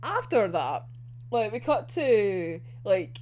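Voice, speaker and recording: A young woman giving a casual anime commentary, animated and heated, swearing a lot and filling with "like". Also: medium pitch, slow. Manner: animated, heated, heavy swearing, many fillers. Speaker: anime reviewer.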